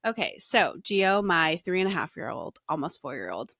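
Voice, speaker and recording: Animated woman telling a story, swinging pitch. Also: normal speed, no room sound, clean studio sound. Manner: animated storyteller, swears and laughs. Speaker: podcast co-host. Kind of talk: casual chat.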